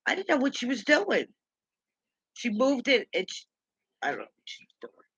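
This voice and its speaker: A woman's voice: a little high, huge pitch swings, moderate pace, a bit bright, husky, no room sound, muffled recording. A woman hosting a casual live stream, rambling and ranting as she retells conversations and repeats herself. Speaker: livestream host.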